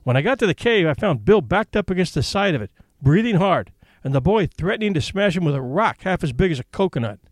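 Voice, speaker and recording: A man's voice: high voice, very animated, fast, no echo. A man narrating an audiobook story in a wry, folksy way, switching into character voices.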